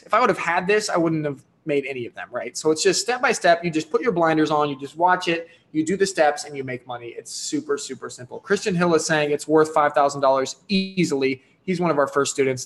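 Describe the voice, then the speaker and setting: Man, higher-pitched voice, livestream sales pitch, enthusiastic, pushy, keeps checking in with "right?". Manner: enthusiastic and pushy, with frequent "right?" and "here's the deal". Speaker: online course creator hosting a live sales stream.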